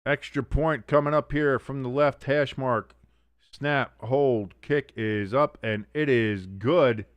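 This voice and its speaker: A man's voice: mid-range voice, takes it slowly, clear, resonant tone, no room sound, muffled recording. A man in his thirties streaming a watch-along, calling the plays himself, reading chat aloud and swearing freely when his team stumbles. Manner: profane, exasperated, swearing freely. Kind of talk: live play-by-play commentary with chat reading.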